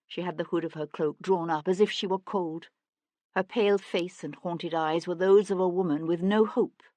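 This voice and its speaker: A woman narrating an audiobook in a measured, dramatic reading. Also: low voice, dry recording. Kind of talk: scripted narration.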